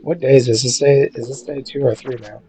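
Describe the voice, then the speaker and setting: A man co-hosting a gaming video, chatting casually and telling stories with lively acted-out quotes. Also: mid-range voice, fast, soft background music, low-quality recording. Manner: lively storyteller, acts out quotes. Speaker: gaming channel co-host. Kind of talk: casual chat while playing a game.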